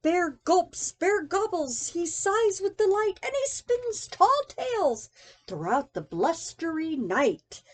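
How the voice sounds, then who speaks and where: An older woman, a grandmother, reading a children's picture book aloud in a slow, sing-song, expressive way. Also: very high-pitched.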